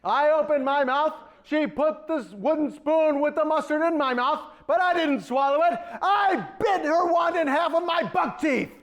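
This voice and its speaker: A man's voice: extremely high pitch, normal speed, hardly any pauses. A man performing a campy comic storytelling monologue on a theatre stage. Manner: campy, animated.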